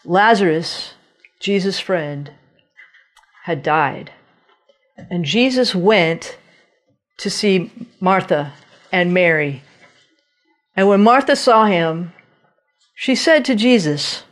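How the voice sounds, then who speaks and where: Slow, animated woman preaching. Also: on the low side. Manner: animated storytelling, acting out voices of biblical figures. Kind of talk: sermon.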